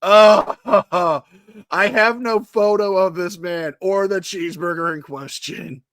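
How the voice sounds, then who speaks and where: A man's voice: sits high, takes it slowly, a bit bright, no room sound, studio quality. A man co-hosting a comedy podcast, reading strange crime news stories aloud with jokey asides. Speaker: podcast co-host.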